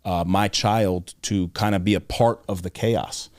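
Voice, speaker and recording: A young man talks earnestly as a podcast guest. His voice sits somewhat low, and the sound is close and dry. He tells stories in a loose, conversational way, often pausing on fillers and restarting his sentences. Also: steady tone, darkish tone, no room sound. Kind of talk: casual interview conversation.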